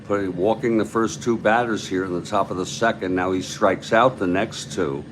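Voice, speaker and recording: A man hosting a tabletop baseball replay, giving calm, measured play-by-play with chatty asides to viewers. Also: low-pitched, background noise. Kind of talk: play-by-play commentary of a board game replay.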